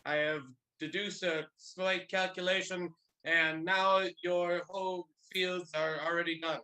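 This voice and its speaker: A man doing an improv bit as a stiff, logical Vulcan gardener, formal and halting. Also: sits high, flat delivery, bright, forceful tone, poor audio. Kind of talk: improv comedy scene.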